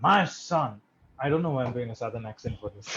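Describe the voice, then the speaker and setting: A young man from India delivers a stand-up set in a dry, self-deprecating way, often chuckling at his own lines. His voice sits at an ordinary pitch. The recording is a little dull, with a faint hiss behind it. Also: sing-song, brisk. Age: young adult. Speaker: stand-up comedian.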